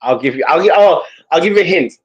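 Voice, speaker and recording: A man with a high, very lively voice hosts a casual chat. He talks playfully, laughs often and jumps into excited squeals. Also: quick pace, slightly rough, dull audio. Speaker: podcast host.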